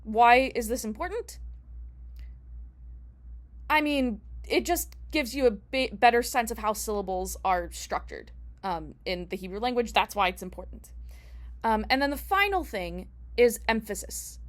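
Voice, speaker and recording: A woman's voice: a little high, lively intonation, measured pace. Chatty young woman teaching a lesson. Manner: chatty, repeats and restarts, rhetorical questions. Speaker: rabbinical student teaching Hebrew. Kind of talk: casual explanatory lesson.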